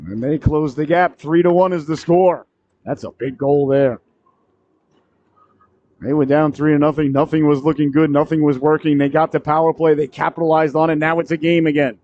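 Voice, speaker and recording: A man calling a high school hockey game play-by-play, cracking jokes between plays and shouting on goals. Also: no room sound. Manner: jokey asides, rises sharply to shouts on goals. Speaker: play-by-play commentator. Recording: dry, dull lo-fi broadcast audio.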